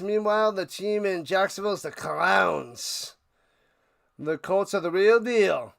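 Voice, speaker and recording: A man hosting a live watch party, calling plays casually and chatting with viewers, bursting into loud hype on big plays. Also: high-pitched, expressive, measured pace, vocal fry. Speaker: watch party play-by-play host. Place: home room, his man cave.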